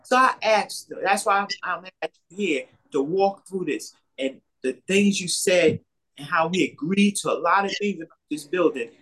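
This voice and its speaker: A man with a husky, slightly rough voice tells a personal faith story in a loose, conversational way. He keeps repeating himself and acts out what others said as he goes. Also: sits high, moderate pace, fairly bright tone. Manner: rambling, repetitive retelling with many quoted exchanges. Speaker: storyteller sharing a faith testimony. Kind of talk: casual spoken testimony.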